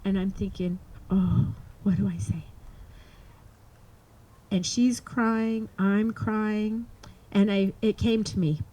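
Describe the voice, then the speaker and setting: A middle-aged woman telling a personal story to an audience, earnest and halting, with many restarts. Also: mid-range voice, fairly even intonation, mellow, low-quality recording. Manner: earnest, halting, emotional recounting. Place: live performance space.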